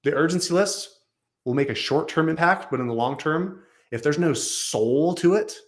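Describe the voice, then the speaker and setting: A man's voice: fairly high pitch, moderate pace. Emphatic man telling a story. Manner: animated storyteller, emphatic repetition. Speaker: guest speaker on business training. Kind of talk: storytelling in conversation.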